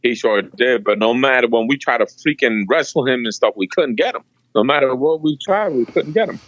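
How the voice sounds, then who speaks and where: A man's voice: medium pitch, expressive, brisk, fairly bright tone, no echo. A man calling into a podcast as a guest, telling a story in a rambling, casual way full of fillers, heard over a weak remote connection. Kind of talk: casual chat. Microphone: remote call with a weak signal. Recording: dull lo-fi call line.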